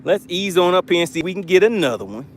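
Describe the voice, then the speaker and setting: A man's voice: sits high, sing-song, fast talker, a little hiss or hum. A man hosting a fishing livestream from a boat, teasing and laughing with his chat viewers.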